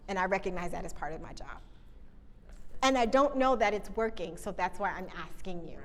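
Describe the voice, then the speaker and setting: A woman communication coach telling lively stories from a stage, talking to the audience and asking them questions. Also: mid-range voice, a little fast. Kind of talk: live keynote storytelling. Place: stage before a live audience. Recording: reverberant hall, live talk.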